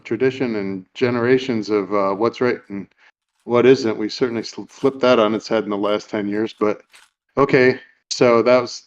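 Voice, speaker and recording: A man chats casually as a podcast host, recounting a movie scene in a loose, rambling way full of "uh"s. His voice sits at an ordinary middle pitch. The recording is dull and lo-fi. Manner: rambling, with many fillers and acted-out quotes. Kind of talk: casual chat retelling a film scene.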